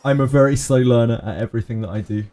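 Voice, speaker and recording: A man's voice: medium pitch, fast talker, dark tone. A middle-aged man streaming a video game, joking crudely and repeating phrases as he muses to himself. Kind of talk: casual live-stream commentary.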